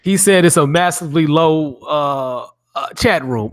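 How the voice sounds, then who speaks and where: A man's voice: on the high side, measured pace. A man hosting a livestream, asking questions and brashly trash-talking with profanity. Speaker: livestream host. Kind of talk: casual interview and chat.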